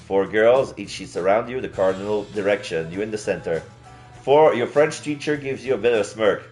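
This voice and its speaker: A man's voice: on the low side, normal speed, a little mellow. Brief: male streamer reading a dating game aloud, casual and chatty, faint music under. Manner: chatty, laughing asides. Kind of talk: reading a visual novel aloud.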